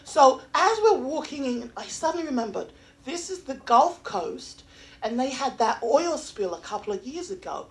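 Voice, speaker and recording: A woman from England with an English accent, doing open mic stand-up comedy with animated storytelling and acted-out voices. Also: sits high, moderate pace. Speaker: stand-up comic. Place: small comedy venue.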